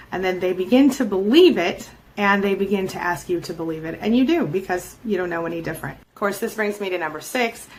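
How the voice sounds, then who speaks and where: A middle-aged woman coaching viewers about toxic relationships, talking emphatically and acting out quoted lines with sudden jumps in pitch. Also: a bit bright. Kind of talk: direct-to-camera coaching talk.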